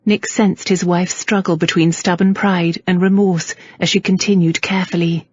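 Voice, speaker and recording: A woman narrating a historical romance audiobook in a measured, even storytelling manner. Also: fairly low pitch, breathy edge, no room sound, lo-fi sound. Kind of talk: scripted narration.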